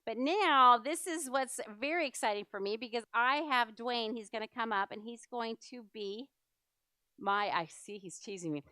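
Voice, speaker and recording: Middle-aged woman, church seminar presenter, enthusiastic chatter, smooth higher voice. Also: moderate pace, pushed and bright, no room sound. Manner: chatty, enthusiastic, many fillers. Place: church hall.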